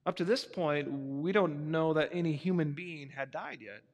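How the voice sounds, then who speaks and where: A man preaching to young people, retelling a story in a conversational, animated way and acting out the characters. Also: on the high side, normal speed, in a large hall.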